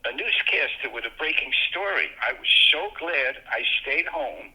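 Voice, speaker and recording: A man's voice: moderate pace, rough recording. An older man from Brooklyn, telling childhood stories as a guest in casual chat. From Brooklyn, New York. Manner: animated, jumps into excited high voices for quoted moments. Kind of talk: casual storytelling.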